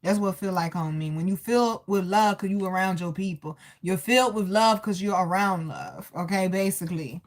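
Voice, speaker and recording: A woman giving a casual live tarot reading, chatty and animated, calling listeners baby and greeting viewers. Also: medium pitch, moderate pace, hardly any pauses. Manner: loose and animated, laughs and greets chat viewers. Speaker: tarot reader.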